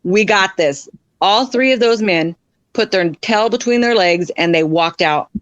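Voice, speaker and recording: A woman's voice: medium pitch, no room sound, muffled recording. A woman speaking as a podcast guest, frank and blunt, in a dry, close sound with no room around her. She talks in plain, unpolished sentences full of fillers. She jumps her voice up when she acts out other people's words. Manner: acts out others' lines in quick voice shifts. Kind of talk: candid personal storytelling.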